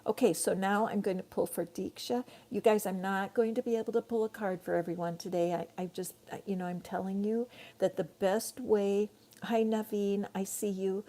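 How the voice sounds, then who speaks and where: A woman's voice: mid-range voice, steady tone, moderate pace, dark tone. A middle-aged woman giving a live tarot reading, chatty and rambling, talking straight to her viewers. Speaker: tarot reader.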